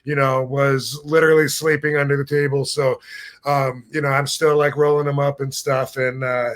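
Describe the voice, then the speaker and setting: A man's voice: mid-range voice, level tone, normal speed, fairly bright tone. A man in his fifties hosting a podcast, telling a long, wandering story in a casual way, often losing his thread and laughing at his own tales. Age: 50s. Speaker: podcast host.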